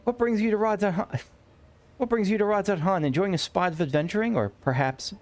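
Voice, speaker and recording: A man's voice: high voice, a little fast, pitched above the performer's own voice, lightly acted. A man reading game dialogue aloud as a cheerful young woman assisting a detective, chatty and upbeat.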